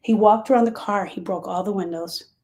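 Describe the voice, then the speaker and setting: Her voice is medium in pitch, mellow, and brisk: a woman hosting a show on grief. The talk is heartfelt and motivational, shaped as conversational storytelling that is emphatic and leans on repeated phrases.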